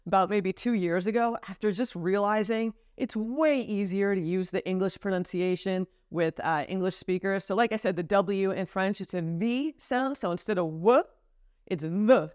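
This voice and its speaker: A woman's voice: mid-range voice, moderate pace, a little mellow, clear, resonant tone, dry recording, clean studio sound. An American woman in her thirties, chatting lightly and explaining things in a casual vlog to camera. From United States. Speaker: vlogger. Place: home in France.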